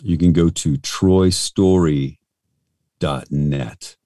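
A man's voice: a bass voice, extremely slow, warm tone, no room sound, studio quality. A middle-aged male voice actor talking casually and frankly in an interview, rambling and self-deprecating.

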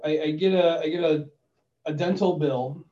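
A man's voice: a little high, normal speed, roomy sound. A man co-hosting a casual money talk, telling stories and acting out both sides of phone calls. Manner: animated storyteller, acts out phone calls. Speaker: podcast co-host giving money advice. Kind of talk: casual chat. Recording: distant mic, dull lo-fi sound.

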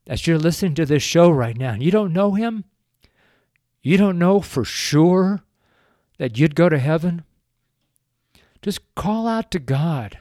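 An older man preaches at an unhurried pace, his voice pitched a little above most men's. He pleads earnestly and is tearful throughout, and the recording is dry and close, with no room sound. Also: expressive, mellow, dry recording. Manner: slow, earnest, pleading, with drawn-out emphasis. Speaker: street preacher. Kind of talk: emotional radio sermon.

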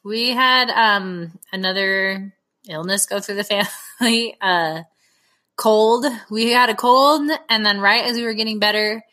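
A woman in her thirties co-hosting a parenting podcast, chatty and quick to laugh, with a lingering cough. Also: mid-range voice, pushed and bright. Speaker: podcast co-host. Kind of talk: casual chat.

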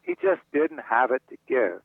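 A man's voice: medium pitch, wildly swooping pitch, normal speed, gravelly, no room sound. Older man on a tinny phone line. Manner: heartfelt, repeats words when moved. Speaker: author guest. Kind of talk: earnest personal storytelling in a radio interview.

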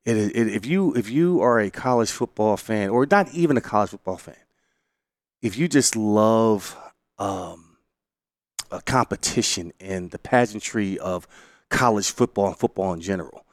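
A middle-aged man, a head coach and former player, telling a story in an interview with lively energy, laughing and acting out quotes loudly. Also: fairly low pitch, moderate pace, no echo, studio quality.

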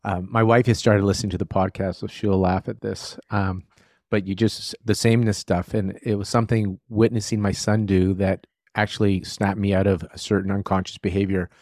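A man's voice: fairly low pitch, flat delivery, brisk, a little mellow, dry recording, clean studio sound. A middle-aged man hosting a podcast, chatty and anecdotal, telling stories from home life. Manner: chatty, storytelling, laughs often. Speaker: podcast host. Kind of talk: conversational interview.

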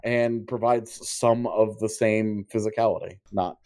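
A man's voice: on the low side, fairly even intonation, measured pace, a little mellow. A man co-hosting a podcast, talking casually about hockey contracts and thinking aloud with frequent restarts. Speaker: podcast co-host. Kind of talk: casual sports talk.

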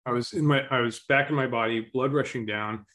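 A man telling a story as an interview guest, speaking slowly and calmly and clearing his throat often. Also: mid-range voice.

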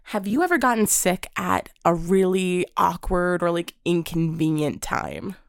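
A woman's voice: lowish voice, animated, measured pace, smooth, dry recording. Chatty podcast co-host woman, dry sound. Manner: chatty, laughing, reads out show reminders. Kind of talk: casual chat.

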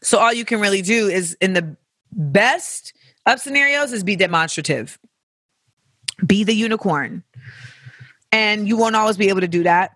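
This podcast host talks in a bright, sharp voice and answers listener questions. The delivery is animated and loose, full of profanity and joking asides. The sound is dry and close to the mic. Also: mid-range voice, moderate pace, long pauses, dry recording. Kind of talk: casual advice talk.

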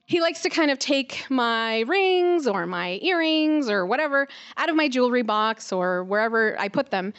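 A woman's voice: on the high side, expressive, moderate pace, hardly any pauses, fairly bright tone, dull audio. A young adult woman telling an earnest, conversational personal story at a live storytelling event.

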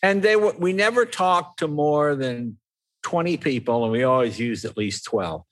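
A man telling lively anecdotes in a casual chat, acting out what people said. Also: on the high side, moderate pace. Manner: animated anecdotes with acted-out quotes. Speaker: talk show guest, former host.

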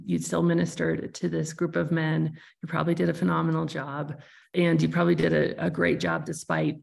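A woman with a low, gravelly voice hosts a podcast interview. She speaks thoughtfully and searchingly, often restarting her sentences in this reflective, conversational exchange.

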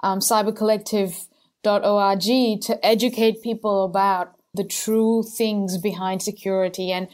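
A woman's voice: mid-range voice, level tone, a little slow, darkish tone. A woman host asking earnest, affirming questions in an interview.

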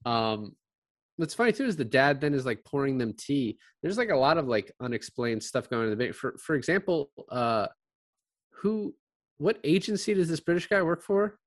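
A man's voice: mid-range voice, normal speed, no echo, studio quality. A man in casual conversation, rambling through a film and acting out the characters' lines as he goes. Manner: rambling, animated retelling with quoted voices. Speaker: podcast co-host discussing a film. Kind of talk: casual chat.

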